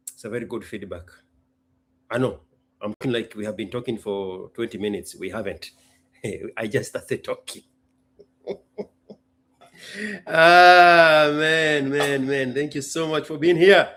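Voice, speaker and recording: A young man hosts a relaxed live stream in an unhurried, drawn-out way. He is playful and theatrical, joking aloud to himself as if he were in a conversation with someone else. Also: mid-range voice. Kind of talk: casual live stream chat.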